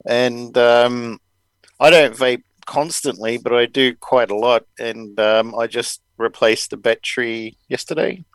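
A man's voice: medium pitch, steady tone, measured pace, fairly bright tone, no echo, rough recording. A man hosting a podcast, chatting casually and rambling with many fillers. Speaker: podcast host. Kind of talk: casual chat.

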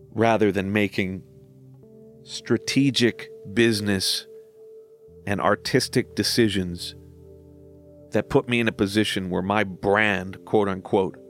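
A man's voice: on the low side, steady tone, unhurried, long pauses, soft background music. A man in his forties talking through his own songs in a reflective podcast monologue, candid and self-deprecating, with casual swearing. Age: 40s.

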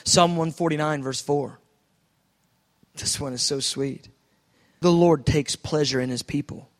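High-voiced male preacher, soft to shouting. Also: measured pace, big-room sound. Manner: swings from soft musing to loud excited outbursts. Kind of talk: sermon.

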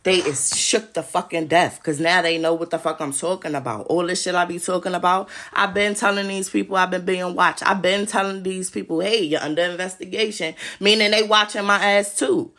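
A woman with a low, gravelly voice rants through a casual podcast monologue. She speaks straight to her listeners, swearing often and sounding worked up. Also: fairly even intonation, fairly quick, few pauses, a bit bright. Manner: agitated and profane, addressing listeners directly. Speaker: podcast host.

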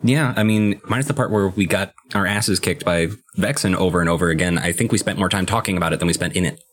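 Deep-voiced young man chatting about games. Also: fast talker. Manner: relaxed, explains strategy in long run-on sentences. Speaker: podcast co-host. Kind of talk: casual chat about a video game.

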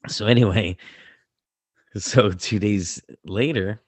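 A man co-hosting a casual coaching podcast, telling a story with lively, acted-out quotes. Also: fairly low pitch, takes it slowly, breathy edge, dry recording. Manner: animated storyteller, acts out quotes loudly. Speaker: podcast co-host, gymnastics coach.

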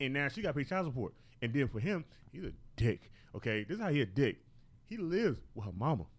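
Fast, animated man in casual chat. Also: medium pitch, breathy edge. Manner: animated storyteller, acts out quoted voices. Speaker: podcast co-host.

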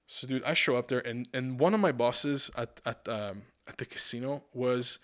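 A man casually telling a work story, profane and animated, acting out what people said. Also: mid-range voice, moderate pace. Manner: profane, animated, acts out quotes.

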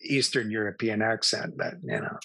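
Middle-aged male guest, animated anecdotal storyteller, dry recording. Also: fairly low pitch, moderate pace, creaky, breathy edge, no echo. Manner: animated, self-amused anecdotes. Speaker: actor, podcast guest. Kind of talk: casual interview storytelling.

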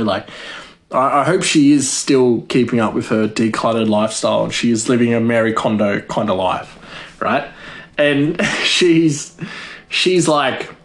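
A man telling a rambling comedic monologue, full of fillers and laughing at his own jokes. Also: medium pitch. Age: adult.

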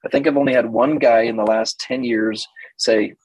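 Gravelly fifties man teaching. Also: mid-range voice, moderate pace, no room sound, low-quality recording. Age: 50s. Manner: animated, acting out quoted exchanges. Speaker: therapist. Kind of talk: teaching talk with acted-out dialogues.

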